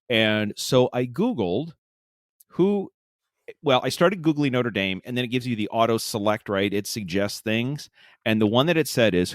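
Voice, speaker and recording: Man, podcast co-host, rambling and giggly, lively pitch, dry close mic. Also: dry recording. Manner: rambling, laughs mid-sentence. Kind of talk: casual chat.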